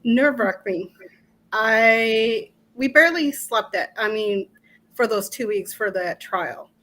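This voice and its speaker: A middle-aged woman, an interview guest, tells an emotional personal story at a slow, unhurried pace. She halts often and circles back over her own words. Now and then nervous laughter breaks in. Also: a little high, fairly bright tone, poor audio. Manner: halting, repeats herself, laughs nervously.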